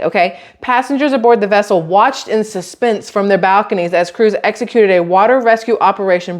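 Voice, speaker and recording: A woman chatting casually and reading a news article aloud, adding sarcastic asides and stumbling over words. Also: mid-range voice.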